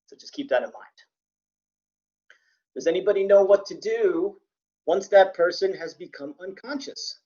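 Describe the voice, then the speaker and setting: Man, CPR instructor, lecture, slightly high voice, plain-spoken, dry asides, dull lo-fi recording. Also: expressive, moderate pace, long pauses, mellow. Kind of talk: classroom lecture.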